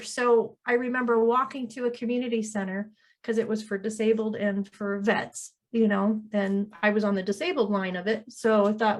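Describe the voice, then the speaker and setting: A woman co-hosting a casual chat, sharing a personal memory in a gentle, earnest way. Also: medium pitch, level tone, normal speed, hardly any pauses. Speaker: co-host.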